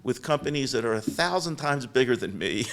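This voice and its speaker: Older male guest, chatty storyteller, mid-pitched, animated and rambling, podcast interview. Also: fairly quick, vocal fry. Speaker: guest business founder. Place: podcast studio.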